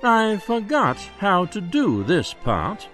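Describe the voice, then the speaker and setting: A man voicing a grand adult stage magician with booming, drawn-out theatrical calls. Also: wildly swooping pitch, a bit bright, soft background music, exaggerated voice. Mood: showy.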